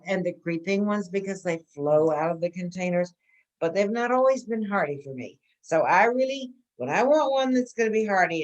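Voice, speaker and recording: A woman's voice: mid-range voice, dull audio. A woman teaching an informal gardening class, chatty and answering questions, often checking in with "okay?".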